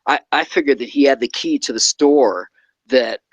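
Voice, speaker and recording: A man's voice: medium pitch, normal speed, breathy edge, dry recording, muffled recording. Rambling man telling a story, dry sound. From California. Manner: rambling, keeps adding "okay?". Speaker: guest. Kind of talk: casual storytelling.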